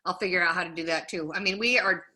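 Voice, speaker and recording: A woman's voice: fairly low pitch, quick pace. A woman co-hosting a podcast in casual chat, telling family stories with lots of "like" fillers. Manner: chatty, many "like" fillers, warm storytelling. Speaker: podcast co-host.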